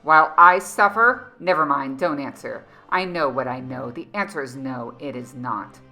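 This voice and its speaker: A sneering, cruel hooded villain from a storybook fantasy, as a woman reader puts him on. His voice comes out bright and tense, loud and mocking, with faint music underneath. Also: a bass voice, normal speed. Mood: bitter. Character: sneering evil hooded man, vengeful and cruel.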